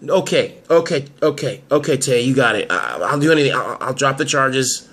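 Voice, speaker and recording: A man's voice: mid-range voice, animated, normal speed, fairly bright tone. A man voicing a panicky young man in an amateur soap drama who stammers and pleads. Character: panicky young man, a cornered liar, begging.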